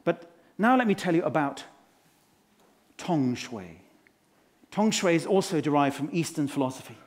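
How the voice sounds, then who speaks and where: A man's voice: on the high side, expressive, moderate pace. A man playing a pompous, self-adoring management guru in a live stage comedy act, spouting rhymes and quizzing the audience from a conference stage. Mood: boastful. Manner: showy rhyming wordplay, quizzes the audience. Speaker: motivational speaker character.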